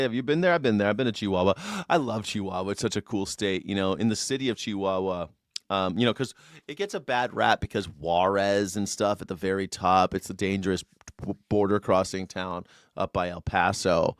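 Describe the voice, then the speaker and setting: A man's voice: lowish voice, brisk, no echo, studio quality. A man hosting a live news reaction show, making sarcastic, profane, jokey asides. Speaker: host.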